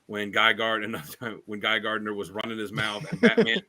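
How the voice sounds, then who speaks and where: A man's voice: on the low side, lively intonation, brisk, pushed and bright. A man co-hosting a podcast, telling stories in a rambling casual chat with many fillers and restarts. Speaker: podcast co-host.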